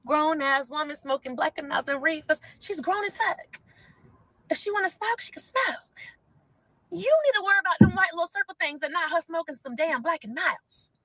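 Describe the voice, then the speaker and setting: A young woman, a content creator ranting loudly and sassily in a reaction vlog, swearing a lot. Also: high voice, moderate pace, no echo, poor audio. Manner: loud, sassy, animated, swears a lot.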